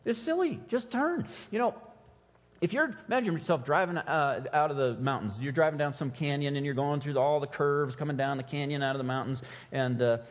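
A man preaching a sermon as pastor, animated and sometimes mocking as he acts out quotes. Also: fairly high pitch, brisk, big-room sound, lo-fi sound.

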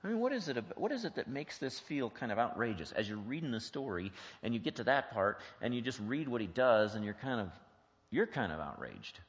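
A man's voice: medium pitch, big pitch swings, fairly quick. A male pastor giving a conversational teaching sermon in a church, putting many questions to the congregation in a plain, chatty way. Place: church sanctuary. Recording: long hall reverb, dull lo-fi sound.

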